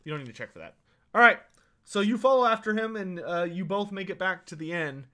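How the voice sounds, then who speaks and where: A man narrating as game master of a tabletop role-playing game, pausing often with fillers as he describes scenes. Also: high voice, expressive, bright, forceful tone. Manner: halting, many uh fillers while narrating.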